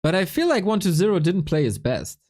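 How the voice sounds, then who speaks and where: A man casting an esports live stream in a relaxed, chatty way, joking with viewers while sounding tired and a bit unwell. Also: sits high, fairly quick. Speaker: esports caster.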